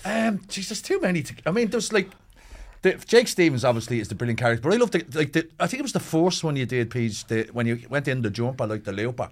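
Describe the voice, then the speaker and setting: A man's voice: mid-range voice, sing-song, fast. A man co-hosting a podcast, chatting casually and searching for his words. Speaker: podcast host.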